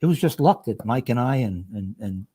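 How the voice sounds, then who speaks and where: An older man with a New York accent, a retired fire lieutenant telling stories as a podcast guest, animated and rambling, acting out the voices of the people he quotes. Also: medium pitch, fairly quick, slightly rough. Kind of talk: casual storytelling chat.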